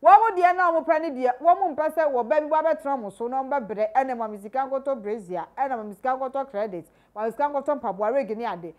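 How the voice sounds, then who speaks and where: A slightly high-voiced woman from Ghana talks through celebrity gossip for her vlog. She is animated, jumping from loud outbursts to low, muttered asides. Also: moderate pace, few pauses. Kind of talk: gossip commentary.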